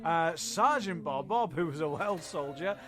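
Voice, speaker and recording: A man's voice: a little high, lively intonation, measured pace. A man hosting and narrating a comedy history podcast in a playful, jokey, theatrical way. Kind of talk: comic narration and credits.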